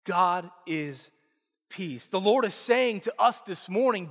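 A man's voice: high-pitched, lively intonation, slow, a bit bright, long reverb tail. A man preaching a sermon as pastor, in an earnest, emphatic manner.

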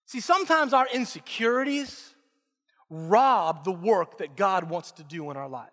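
High-pitched guy preaching a sermon, earnest and emphatic, big echoey church sound. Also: lively intonation, measured pace, a bit bright. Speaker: pastor.

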